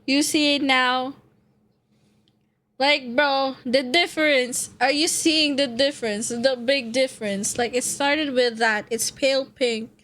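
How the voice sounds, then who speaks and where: A woman's voice: sits high, steady tone, takes it slowly, a bit bright. A woman streaming casually as a VTuber, chatting to her viewers with frequent laughter, repeated phrases and free swearing. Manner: talks to chat and friends while setting up a game. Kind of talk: casual live-stream chat.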